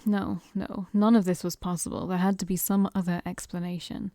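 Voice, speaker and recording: A woman's voice: fairly low pitch, flat delivery, a little fast, dark tone, dry recording, clean studio sound. A woman playing a visual novel on stream, reading its narration aloud and breaking off to joke and laugh at it. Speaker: game streamer.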